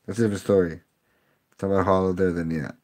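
A man's voice: deep voice, little pitch movement, rapid-fire, darkish tone. Sarcastic young man joking with his chat. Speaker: streamer opening card packs. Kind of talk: casual live-stream chat.

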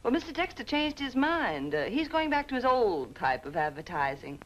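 An actress in a 1940s film playing a brisk, sly secretary who talks in a dry, coy manner. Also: female voice, fairly high pitch, big pitch swings, muffled recording, a little hiss or hum.

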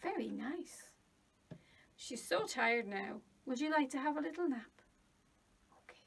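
A woman music teacher singing and talking to young children, slow, clear and playful, sometimes dropping to a whisper. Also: sits high, lively intonation, recorded from a distance. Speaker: early years music teacher.

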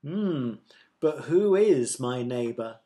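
A man's voice: mid-range voice, expressive, takes it slowly, mellow. A man doing a sly questioner from the crowd. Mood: probing. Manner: probing, a little tricky.

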